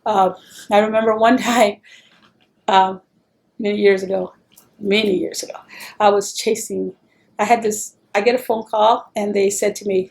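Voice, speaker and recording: A middle-aged woman telling stories in an oral history interview, animated and acting out the voices she quotes. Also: medium pitch, normal speed, vocal fry, long pauses.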